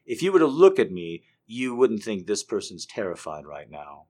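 A man giving an intense confessional monologue, swinging between hushed and loud. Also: fairly low pitch, sing-song, moderate pace.

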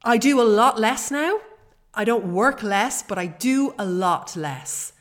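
A woman's voice: on the high side, expressive, takes it slowly. A woman, hosting a personal podcast in an earnest, chatty way with fillers. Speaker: podcast host.

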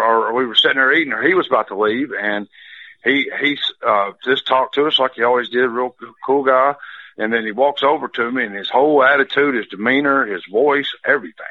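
A man's voice: mid-range voice, no echo. A man, a former wrestler telling rambling stories full of fillers and restarts. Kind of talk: storytelling in casual chat. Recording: tinny phone line.

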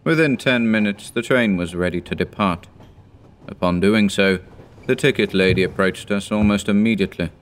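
A man in his thirties narrating a horror story in a measured, grave manner. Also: lowish voice.

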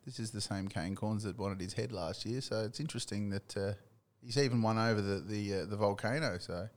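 Laid-back Australian man, low voice. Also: fairly quick. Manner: laid-back, swears freely, laughs often. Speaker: podcast co-host. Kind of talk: casual sports chat.

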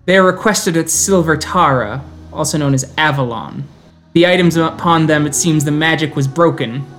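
A man's voice: fairly high pitch, normal speed, fairly bright tone, soft background music, lightly acted. A man voicing a hardened young South American teen who speaks formally and cryptically, with a thick Spanish accent. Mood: solemn.

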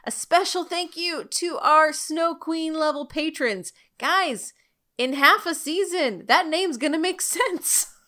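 A woman's voice: high-pitched, takes it slowly, sharp tone. A woman co-hosting a podcast, chatting casually and reading the outro with a playful, laughing manner. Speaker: podcast co-host.

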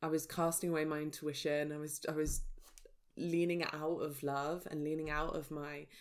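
Woman vlogger, low flat voice with gravel, candid personal storytelling to camera. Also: moderate pace. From England. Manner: raw, reflective, searching. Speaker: spiritual vlogger.

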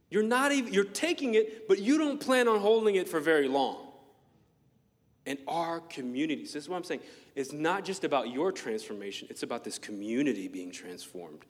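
Animated preacher in an echoing hall. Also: male voice, a little high. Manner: animated, playful, acts out voices in his stories. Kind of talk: sermon with personal stories.

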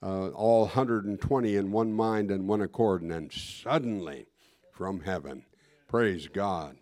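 Fervent preaching man, low voice. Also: a little slow, darkish tone. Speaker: pastor. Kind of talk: sermon.

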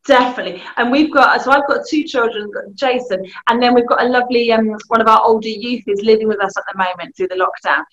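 Bright, animated British woman. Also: fairly high pitch, fast talker, few pauses. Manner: animated, laughing, acting out family voices. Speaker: youth work guest. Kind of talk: lively advice in conversation. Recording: muffled lo-fi audio.

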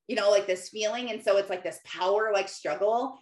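A woman's voice: mid-range voice, brisk. A woman in her thirties chatting casually about faith and family, rambling and filling her talk with "like". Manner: chatty, rambling, lots of "like" fillers. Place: home office. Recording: roomy echo.

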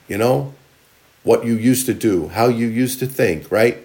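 A male pastor with a mid-range voice preaches a sermon at a measured pace, reading scripture aloud. His delivery is emphatic and punchy, swinging between loud and soft as he drives each point home.

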